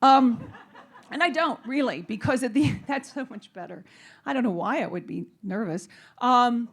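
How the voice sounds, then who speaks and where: A woman's voice: on the high side, lively intonation, moderate pace. A woman speaking on a panel, telling a personal story in a rambling, nervous way with many false starts. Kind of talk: casual personal talk on stage.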